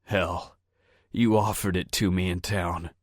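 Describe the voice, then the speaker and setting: Audiobook: male narrator doing a groggy, slurring thug, low and sullen. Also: steady tone, slow, no echo, clean studio sound.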